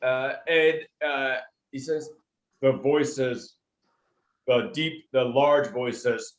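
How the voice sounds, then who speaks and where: Guy dming a dnd game, slow, lots of uhs, echoey room. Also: mid-range voice, steady tone. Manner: halting, many fillers. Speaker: game master. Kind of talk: narrating a tabletop game. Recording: roomy echo.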